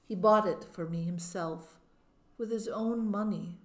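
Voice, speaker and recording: A woman narrating a novel in first person as an audiobook, in a measured, expressive manner. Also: mid-range voice.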